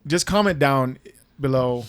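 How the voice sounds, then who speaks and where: A man's voice: mid-range voice, unhurried, clean tone. A young man co-hosting a casual podcast, telling stories animatedly and cursing often. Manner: profane, animated storytelling with acted quotes. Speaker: podcast co-host.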